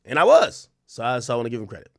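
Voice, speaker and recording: A man's voice: medium pitch, very animated, racing, vocal fry, dry recording, clean studio sound. A young man from Jamaica with a Jamaican accent, hosting a livestream and telling profane stories with many restarts. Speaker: livestream host. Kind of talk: casual commentary.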